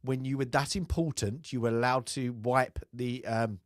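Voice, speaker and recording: A man's voice: medium pitch, normal speed, no echo, studio quality. A man co-hosting a casual film chat, rambling and laughing often. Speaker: podcast co-host.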